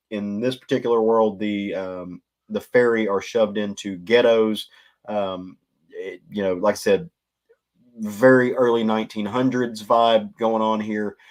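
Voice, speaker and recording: Male podcast co-host, lowish voice, loose and filler-heavy. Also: a little mellow. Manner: rambling, many ums and uhs. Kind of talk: casual chat.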